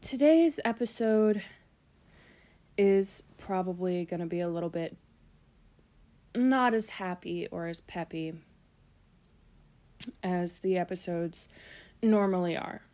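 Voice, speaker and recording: A woman hosting her podcast in a groggy morning voice, talking slowly and sorrowfully with many pauses and ums. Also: fairly low pitch, mellow. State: groggy morning voice, just woken up. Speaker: podcast host. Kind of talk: casual solo podcast talk.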